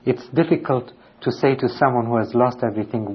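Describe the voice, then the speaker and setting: A man's voice: medium pitch, fairly quick, few pauses, husky. A man reading Bible verses aloud and explaining them in plain, conversational terms. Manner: reads scripture aloud, then explains it plainly. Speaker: Bible teacher. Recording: dull lo-fi recording.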